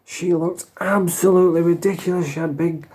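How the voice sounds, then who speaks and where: A man's voice: fairly high pitch, fairly even intonation, a little fast, mellow, slightly rough. A middle-aged man with a Yorkshire accent, ranting bluntly and swearing freely in a monologue vlog. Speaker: vlogger.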